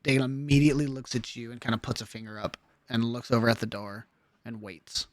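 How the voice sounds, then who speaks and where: A male game master narrates a tabletop scene in a loose, relaxed flow, full of fillers and restarts. His voice sits at a middle pitch, and the sound is dry and close-miked, with no room around it. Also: a little fast, dry recording.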